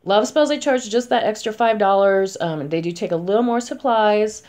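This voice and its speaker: A woman in her forties, a spellcaster, talking casually to camera in a chatty, emphatic way, going from loud to soft. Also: mid-range voice, normal speed. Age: 40s.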